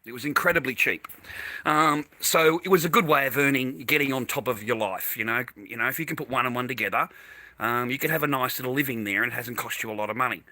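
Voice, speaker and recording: A man's voice: mid-range voice, quick pace, pushed and bright. A middle-aged Australian man rambling and swearing casually while telling stories to his viewers. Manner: swears a lot, tells stories with repeated phrases. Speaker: vlogger.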